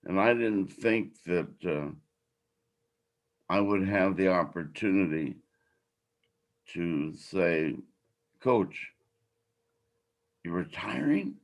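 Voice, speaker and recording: An older man hosting a podcast, speaking slowly and with feeling. His talk is heartfelt and rambling, and his voice sits a little low. He is moved by his subject. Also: lively intonation. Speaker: podcast host.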